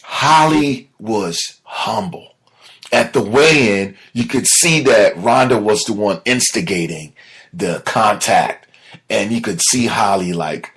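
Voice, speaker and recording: A man talks through his week on a casual podcast in a deep, slightly husky voice. He tells stories with plenty of energy, then slides into a low, muttering tone when something bothers him. The delivery is loose and conversational, like talking to friends. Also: takes it slowly. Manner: animated storytelling, drops to a low mutter when upset. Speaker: podcast host. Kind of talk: casual solo podcast talk.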